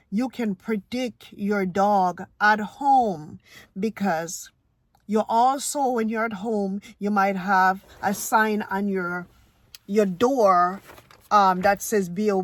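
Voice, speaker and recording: A woman's voice: mid-range voice, no echo. A woman from Ohio talks straight into her phone in a casual vlog. She lectures emphatically, circling back to hammer her points home. The sound is dry and close, with no room around it. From Ohio, USA. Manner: emphatic, lecturing, repeats herself. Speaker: vlogger.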